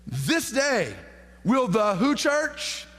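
High-voiced preacher in a reverberant hall. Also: male voice, normal speed. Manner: reads scripture aloud and calls questions out to the congregation; builds to fervent, emphatic preaching. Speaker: pastor. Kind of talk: sermon. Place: church sanctuary.

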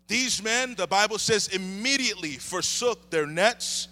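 A man in his thirties delivers a sermon with impassioned emphasis. His voice sits somewhat high and rings with a bright, forward edge. He leans into repeated refrains as he builds. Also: animated, measured pace. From United States. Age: 30s. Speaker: preacher. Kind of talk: sermon with opening prayer.

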